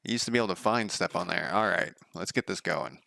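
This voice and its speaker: A man's voice: sits low, quick pace, vocal fry, sharp tone, dry recording. A man streaming as a game developer, talking through his code in a loose, sardonic, profane ramble. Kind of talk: casual live coding commentary.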